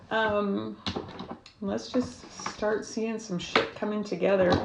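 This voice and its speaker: A woman's voice: mid-range voice, vocal fry, slight background noise. A middle-aged woman hosting a casual vlog, frank and heated, swearing freely and rambling through asides. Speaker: numerology and tarot channel host. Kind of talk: casual vlog talk to viewers. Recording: echoey room.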